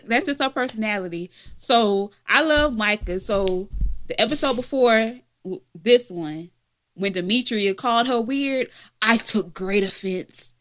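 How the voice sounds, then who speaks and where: A woman's voice: on the high side, animated, measured pace, a bit bright. A woman co-hosting a podcast in casual chat, blunt and profane, laughing often. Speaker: podcast co-host.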